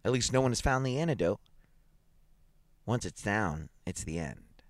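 A man's voice: lowish voice, animated, normal speed, no room sound, lightly acted. A man voicing a ruthless, vindictive businessman who speaks harshly and chuckles at his wife's fears. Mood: cold gloating.

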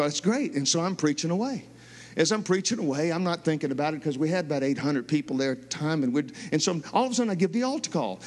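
A male pastor tells a story in a sermon, keeping it animated and restarting his phrases often. His voice sits high. A long reverb from a large sanctuary trails each phrase. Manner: animated storytelling with repeated words.

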